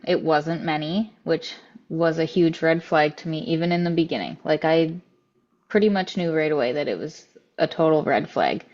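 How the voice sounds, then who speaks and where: A woman's voice: deep voice, darkish tone, muffled recording. A woman guest on a podcast, telling a story casually and bluntly, swearing often and filling with "like". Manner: blunt, profane, frequent 'like' fillers.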